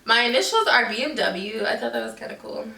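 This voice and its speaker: A young woman chatting loudly and playfully in a casual vlog. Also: a little high, very animated, brisk, gravelly, recorded from a distance, a little hiss or hum. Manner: loud, goofy and chatty. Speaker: vlogger. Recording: echoey room, off the mic.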